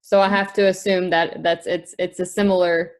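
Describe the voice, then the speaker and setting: A young woman hosts a casual podcast chat as a mother. She speaks softly and agreeably, with a relaxed, conversational manner. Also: on the low side, normal speed. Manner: soft-spoken, agreeable, many short backchannels.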